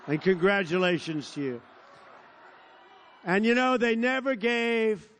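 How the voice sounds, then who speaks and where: A man in his seventies, the president-elect, giving a rambling, boastful campaign rally speech with punchy repetition. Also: on the high side. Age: 70s. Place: large indoor rally venue.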